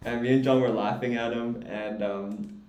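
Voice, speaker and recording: A man's voice: medium pitch, steady tone, moderate pace, a little mellow. A young man chatting as a podcast co-host, rambling through a story with laughs and restarts. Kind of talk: casual chat. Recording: roomy echo.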